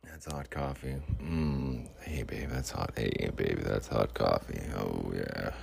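A man putting on a smooth, deep-talking ladies' man persona, speaking in a low, hushed croon at home. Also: slight background noise, exaggerated voice. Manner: slow seductive crooning. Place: home room with fridge and air purifier.

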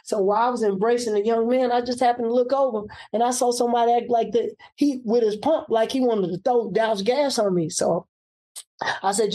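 A man's voice: very high-pitched, fairly quick. A man, a political candidate, telling a personal story and acting out what people said. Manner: animated, acts out quoted speech.

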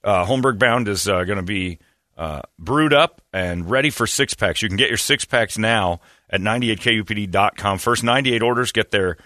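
On a morning radio show, a male host with a lowish voice tells casual, self-deprecating stories and acts out the people he quotes. His delivery is pushed and bright at a moderate pace, and the studio recording is clean with no echo.

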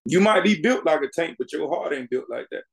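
A man from Miami talking as a podcast guest, his voice gravelly with fry. He speaks in an emphatic, sermon-like way, calling his listener bro and driving his points home. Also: on the high side, lively intonation, fairly quick. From Miami, Florida. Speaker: music artist guest. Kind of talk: casual podcast interview.

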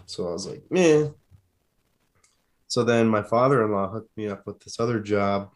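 A man's voice: on the low side, fairly even intonation, brisk. A man co-hosting a podcast, talking about his work in a laid-back way and swearing casually. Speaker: podcast co-host. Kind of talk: casual chat.

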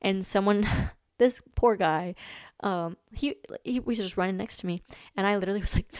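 A woman's voice: mid-range voice, moderate pace, a little mellow, clean tone, dry recording, studio quality. A woman in her twenties hosting a podcast, casually chatting about a race, full of "like" fillers. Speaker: podcast host. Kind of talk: casual chat recounting a race.

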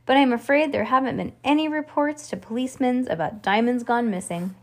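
A woman's voice: fairly high pitch, fairly quick. A woman voicing a friendly grown-up police officer in a storybook reading. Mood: kindly.

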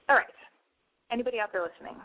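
A woman with a lisp hosting a casual call-in radio show, excitable, profane and self-mocking. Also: a little high, quick pace. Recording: tinny phone-line sound.

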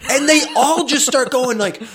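A man from Louisiana telling a story in casual podcast chat, laughing and acting out quotes loudly. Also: very high voice, normal speed, breathy edge. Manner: animated, laughs through his story, acts out quotes loudly.

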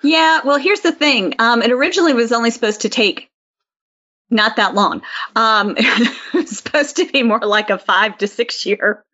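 A woman's voice: fairly high pitch, moderate pace, pushed and bright. A woman co-hosting a podcast, chatty with lots of ums. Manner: chatty, many fillers. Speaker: podcast co-host. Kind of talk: casual chat. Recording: dull lo-fi sound.

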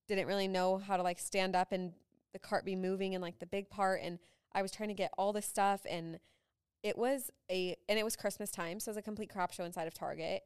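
A woman's voice: fairly low pitch, clear, resonant tone, no room sound, studio quality. A young woman co-hosting a podcast about motherhood, talking in a chatty way with lots of "like" fillers. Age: young adult. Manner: chatty, frequent "like" fillers, laughing asides. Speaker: podcast co-host. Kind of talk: casual chat.

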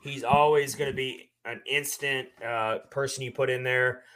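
A man co-hosting a sports podcast, talking casually and at length with relaxed fillers. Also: mid-range voice. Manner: relaxed, talkative, drawn-out fillers. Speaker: podcast co-host.

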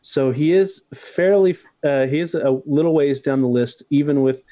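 A man's voice: a little high, normal speed, mellow, no room sound. A man co-hosting a podcast, explaining things in a hesitant way with many fillers. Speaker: podcast co-host. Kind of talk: casual podcast chat. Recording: dull, dry sound.

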